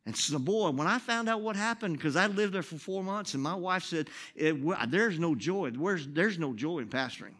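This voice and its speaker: A pastor telling a personal story in a sermon, swinging from loud outbursts to hushed, soft moments. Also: male voice, fairly high pitch, expressive, moderate pace, hardly any pauses. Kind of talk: sermon testimony.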